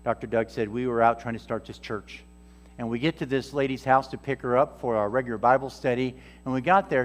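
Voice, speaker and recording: A man's voice: medium pitch, fairly even intonation, a little fast. A man preaching a storytelling sermon as a guest missionary speaker, acting out the people in his stories. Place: church sanctuary. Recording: reverberant church hall with soft music.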